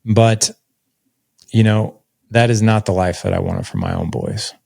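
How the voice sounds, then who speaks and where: A man in his forties speaks candidly and conversationally, sprinkling his story with filler words. His voice sits a little low and carries a gravelly rasp. The recording is close and dry. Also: huge pitch swings, a little slow, darkish tone, no echo. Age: 40s. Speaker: podcast guest. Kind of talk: personal storytelling in an interview.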